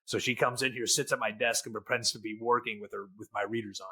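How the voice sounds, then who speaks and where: A man's voice: lowish voice, steady tone, fast, sharp tone, breathy edge. A middle-aged man with a Midwestern accent, co-hosting a casual podcast chat in a jokey, folksy storytelling way. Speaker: podcast co-host, lender.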